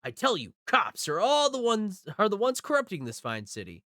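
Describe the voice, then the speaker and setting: A haughty middle-aged professor questions his visitors with open scorn, as a man puts him on. The voice is bright and lively, climbing high when he gets indignant. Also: moderate pace, no room sound, studio quality, exaggerated voice. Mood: scornful. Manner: haughty, interrogating.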